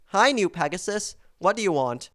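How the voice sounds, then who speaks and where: A podcast co-host with a deadpan, sarcastic delivery in a comedy sketch. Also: mid-range voice, moderate pace, very noisy.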